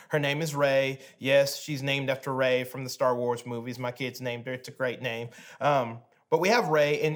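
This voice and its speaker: With a mid-range voice, this man in his thirties preaches as a pastor. His sermon features a family story, moving from quiet, gentle passages to lively ones.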